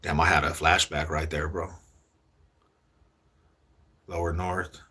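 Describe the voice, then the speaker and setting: A young man talking casually to his viewers in street slang, repeating himself in a loose, drawn-out way. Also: deep voice, level tone, pushed and bright, slight background noise. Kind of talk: casual street talk to camera.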